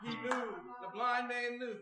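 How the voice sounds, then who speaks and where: A male preacher delivering a sermon, his lines swelling from talk into shouted, sung chanting. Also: very high-pitched, flat delivery, unhurried. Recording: echoey room with faint music.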